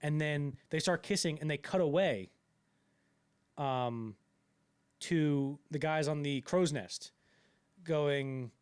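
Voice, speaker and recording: A man's voice: on the high side, slow, pauses often, smooth, no room sound. A man co-hosting a casual podcast about a film, rambling with lots of fillers and restarts. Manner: rambling, many fillers and restarts, acts out quotes. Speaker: podcast co-host.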